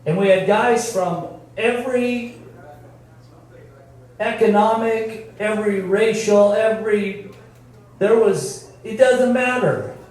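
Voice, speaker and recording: Older man, slow speech in echoing hall. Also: high-pitched, darkish tone. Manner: folksy, storytelling, emphatic. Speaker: former football coach. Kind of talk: speech at a team reunion. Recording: very echoey, from far off.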